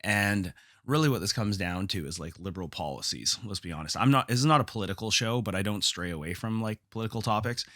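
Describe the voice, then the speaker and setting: A man's voice: lowish voice, fast, bright, forceful tone, dry recording, studio quality. A man from Canada hosting a solo podcast, talking in a casual, rambling way and swearing freely. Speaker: podcast host.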